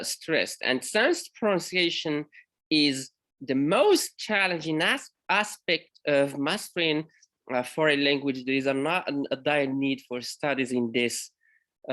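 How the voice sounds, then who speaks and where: A male university lecturer from Morocco presents his research at an academic conference. He speaks slowly and haltingly, pausing often and correcting himself mid-sentence. His pitch sits in an ordinary middle range. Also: fairly bright tone. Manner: halting, frequent pauses and self-corrections.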